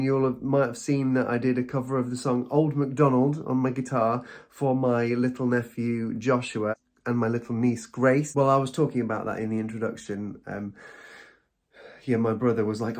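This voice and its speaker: A man's voice: mid-range voice, normal speed, vocal fry, a little mellow. A man hosting his own show, talking to listeners in a rambling, chatty way and laughing at himself, seated at a desk indoors. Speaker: podcast host. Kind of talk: casual solo monologue.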